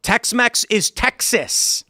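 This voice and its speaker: A man hosting a casual talk show, arguing quickly and reading out viewer comments. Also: sits high, lively intonation, bright, forceful tone, no echo, clean studio sound. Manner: argumentative, fast, mock-quotes people in asides. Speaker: host.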